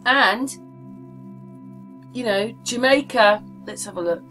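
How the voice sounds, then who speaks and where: A woman's voice: mid-range voice, measured pace, long pauses, music in the background. A woman vlogger talking casually and meanderingly while showing maps, often asking the viewer what they think. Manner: chatty, meandering, asks the viewer questions. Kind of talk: casual rambling commentary over maps.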